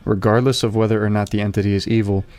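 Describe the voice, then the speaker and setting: A man playing a tabletop game, reading his character's notes aloud in a halting way. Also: lowish voice. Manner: excited, swearing, reading haltingly. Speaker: player.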